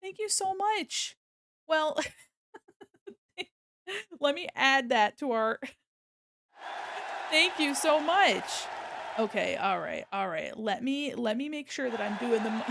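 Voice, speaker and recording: A young adult woman hosting a charity live stream, gushing and excitable, often laughing as she thanks donors. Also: sits high, slow, gravelly, pauses often. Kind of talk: casual live-stream chat.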